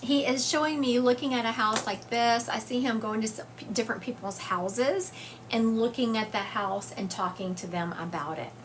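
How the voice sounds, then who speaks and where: Fairly high in pitch and at normal speed, a woman from the US South hosts a psychic livestream by phone or webcam, with slight background noise. As a medium, she chats casually and reads viewer comments aloud with frequent fillers.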